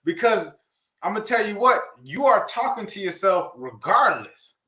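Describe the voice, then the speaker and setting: A man with a high, bright voice talks earnestly in a folksy, rambling way, often circling back over his own words. He is co-hosting a casual chat, and the room around him rings with echo. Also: big pitch swings, moderate pace. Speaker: co-host. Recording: echoey room.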